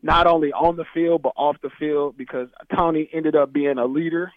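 A man, a former football player, telling stories from his playing days in a casual, animated chat, laughing and acting out his coach. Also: a little high, normal speed, no echo. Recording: dry, tinny phone-like sound.

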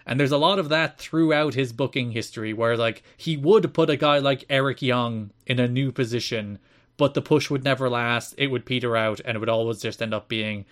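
Brief: male podcast co-host, mid-pitch, dry and chatty recap. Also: brisk. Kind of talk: casual chat.

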